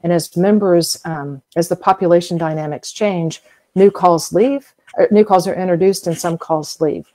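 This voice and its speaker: A middle-aged woman from the American South speaks as an interview guest, explaining things in a chatty, example-filled way. Her voice sits a little low and sounds mellow and warm. She pauses often with fillers as she works through each point. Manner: chatty, explains with everyday comparisons, many fillers. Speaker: whale museum guest expert.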